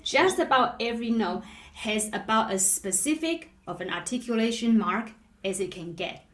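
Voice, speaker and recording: A woman's voice: fairly high pitch, moderate pace, fairly bright tone. Patient woman piano teacher, echoey room. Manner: patient explaining, tags nearly every phrase with "right?". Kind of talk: live online piano lesson.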